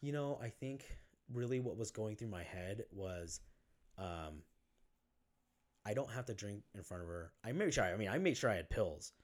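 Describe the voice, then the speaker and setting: A man with a lowish voice and lively intonation is a guest on a podcast, sharing his own story in a casual interview. His delivery is halting, with plenty of fillers, restarts, and casual swearing.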